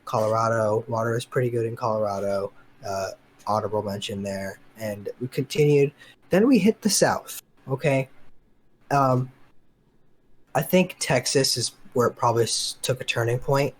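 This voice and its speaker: A young man with a middle-pitched voice rambles through a casual podcast story in a laid-back way. He gives blunt opinions and wanders between asides. A faint hum sits behind him on the call. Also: normal speed. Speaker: podcast co-host. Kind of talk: casual chat. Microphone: remote voice call.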